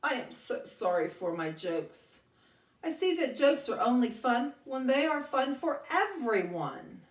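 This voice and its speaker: A woman's voice: sits high, very animated, measured pace. A woman voicing a joking young male goat in a storybook, with a bouncy, playful manner. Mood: sheepish. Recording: roomy sound from a distant mic.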